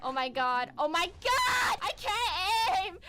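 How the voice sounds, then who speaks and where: A young woman VTuber chatting casually while gaming, excitable, swearing a lot and laughing often. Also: very high voice, slow pace, heavy background noise. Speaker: VTuber streamer. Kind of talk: casual gaming stream chat.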